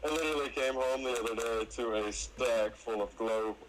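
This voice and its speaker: A man's voice: medium pitch, fairly quick, a little hiss or hum, poor audio. A man in a casual live audio chat, talking in an easygoing, colloquial way.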